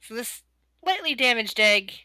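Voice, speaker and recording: A woman narrating a fantasy tabletop game as game master, her voice bright and a little high. She describes the action at an unhurried pace, stopping to correct herself now and then. The sound is close and dry. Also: lively intonation, no room sound.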